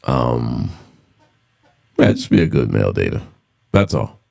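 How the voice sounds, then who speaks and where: Blunt, low-voiced podcaster man with gravel. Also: big pitch swings, a little slow, darkish tone. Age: 30s. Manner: blunt, profane, repeats himself for emphasis. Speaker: podcast host. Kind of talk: casual solo podcast monologue.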